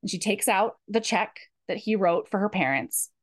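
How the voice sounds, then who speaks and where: A woman podcast host retelling a book plot in casual, animated chat, full of 'like'. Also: medium pitch, normal speed. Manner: animated, chatty, many fillers of 'like'.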